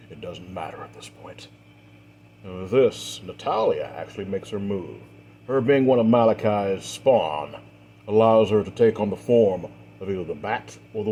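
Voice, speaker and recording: Low-voiced male storyteller. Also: unhurried, warm tone, a little hiss or hum. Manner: repetitive linking phrases, swelling on action beats. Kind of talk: dramatic fiction narration.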